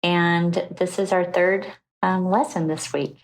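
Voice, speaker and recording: A middle-aged woman guest on a podcast, telling her story in an animated, chatty way and acting out the voices of people she quotes. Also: lowish voice, slow pace, rough recording. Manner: animated, acts out quoted voices, laughs easily. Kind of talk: storytelling in a conversational interview.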